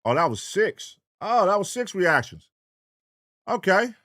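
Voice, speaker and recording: High-voiced man hosting a late-night stream. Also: very animated, measured pace. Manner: loose and profane, shouting out chat names in a sing-song. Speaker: livestream reaction host. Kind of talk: late-night livestream chat. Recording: faint hip hop music behind. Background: faint hip hop music.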